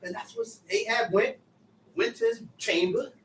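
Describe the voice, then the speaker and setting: A man's voice: very high voice, very animated, moderate pace, a bit bright, far from the mic, slight background noise. A man teaching a Bible class, explaining scripture in casual street talk. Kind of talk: preaching Bible study. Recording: echoey room, voice from afar.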